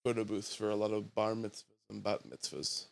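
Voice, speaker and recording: A man's voice: fairly low pitch, brisk, gravelly. A man co-hosting a podcast in a casual, rambling chat, laughing often and joking. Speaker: podcast co-host. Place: room with co-hosts.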